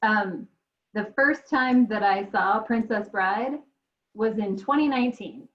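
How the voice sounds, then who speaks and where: A woman chatting in a casual group on a video call, giggly and unhurried. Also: medium pitch, muffled recording. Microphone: video call microphone.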